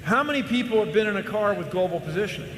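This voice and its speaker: A man answers an audience question in a confident, explanatory way. His voice sits high, and it rings with long reverb across a large hall. A faint ambient hum sits under it. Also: animated, very fast, a bit bright. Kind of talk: public Q&A. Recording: echoey hall.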